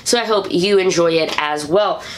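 A woman's voice: on the low side, normal speed, a little hiss or hum. Upbeat woman from St. Louis hosting news. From St. Louis, USA. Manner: upbeat and chatty, with excited whoops. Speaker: host of a weekly fan news show. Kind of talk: casual news vlog.

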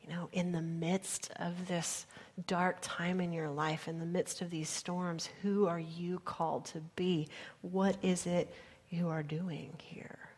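Earnest woman pastor preaching softly. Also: fairly low pitch, little pitch movement, slow pace, slightly rough. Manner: earnest, drops to soft near-whispers for emphasis. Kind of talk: sermon.

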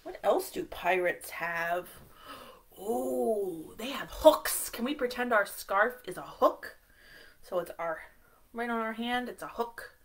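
Slow, sing-song woman leading kids' storytime. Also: mid-range voice. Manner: cheerful sing-song, coaxing young children. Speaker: children's librarian. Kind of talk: children's storytime with songs.

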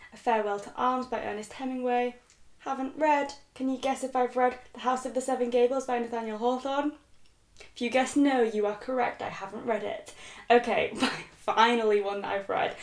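A young British woman vlogging about books, chatty and self-mocking as she reads a list aloud. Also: fairly high pitch. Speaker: book vlogger. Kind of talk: casual chat. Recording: echoey room.

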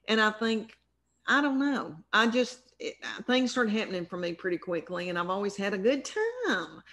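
A woman's voice: medium pitch, fairly bright tone. A middle-aged woman with a Southern US accent, a comedian telling rambling, self-deprecating stories in a casual interview. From American South. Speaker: comedian guest.

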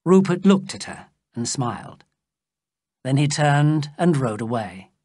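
A narrator reading a graded story aloud slowly and plainly for English learners. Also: no echo, studio quality. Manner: slow, clear storytelling with lively pitch. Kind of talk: slow scripted audiobook narration for English learners.

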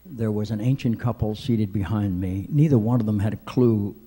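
An older man giving a keynote speech at a benefit breakfast, telling self-deprecating stories with frequent hesitant pauses. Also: on the low side, mellow, breathy edge. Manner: wry self-deprecating storyteller, many hesitant "uh"s. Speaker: keynote speaker. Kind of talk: anecdotal after-breakfast speech. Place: large banquet hall. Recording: reverberant large hall.

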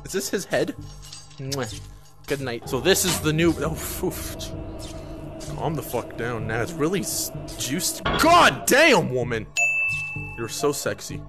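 A young man giving gaming commentary, loud and profane, with sudden yelps and laughs. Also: medium pitch, sing-song, takes it slowly, long pauses. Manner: loud, swearing, erratic bursts and laughs. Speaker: gaming YouTuber. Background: game music.

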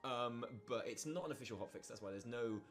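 A man's voice: mid-range voice, fairly quick. A man co-hosting a casual gaming chat, teasing and joking. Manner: jokey, teasing, animated storytelling. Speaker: co-host.

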